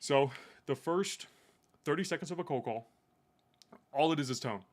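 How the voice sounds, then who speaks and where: A man's voice: fairly high pitch, normal speed. Profane young man coaching casually. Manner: swears freely and coaches with blunt examples. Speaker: sales rep. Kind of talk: casual chat.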